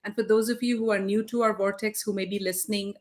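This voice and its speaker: A woman's voice: mid-range voice, steady tone, quick pace, a little mellow. A woman spiritual teacher co-hosting a casual talk, emphatic and blunt, swearing freely.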